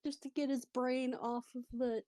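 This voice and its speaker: A woman's voice: high voice, little pitch movement, moderate pace, mellow, no room sound. A woman playing a tabletop game, wryly narrating her character's actions and musing aloud. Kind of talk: casual actual-play narration and banter.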